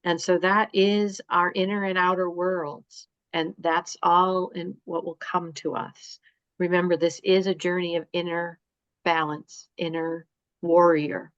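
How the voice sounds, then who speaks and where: A woman giving a spiritual astrology talk, rambling and halting with many fillers. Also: on the low side, level tone, smooth, no room sound. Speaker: astrology reader. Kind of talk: spiritual live-stream talk. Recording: dull dry lo-fi sound.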